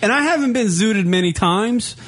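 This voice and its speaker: A man in his thirties with a high, slightly bright voice and lively intonation hosts an internet radio show at a moderate pace. In casual studio banter, he tells a long, rambling story, often restarting his sentences.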